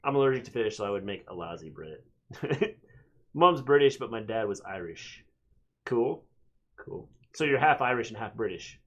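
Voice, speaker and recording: A man's voice: fairly low pitch, animated, moderate pace, fairly bright tone, highs cut off. A middle-aged man co-hosting a casual live stream, chatting in a rambling way and reading comments aloud. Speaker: co-host reading live chat.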